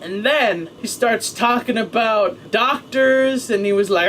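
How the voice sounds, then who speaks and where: A young man in a casual vlog, rambling and excitable, talking to a webcam at home. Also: sits high, slow pace, hardly any pauses, a little hiss or hum.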